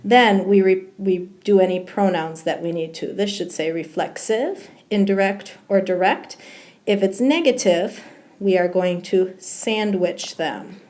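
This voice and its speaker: A woman's voice: medium pitch, a little slow, a little mellow. Woman walking through a grammar lesson. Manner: explains step by step, with frequent ums. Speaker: Spanish teacher. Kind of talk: recorded slideshow grammar lesson.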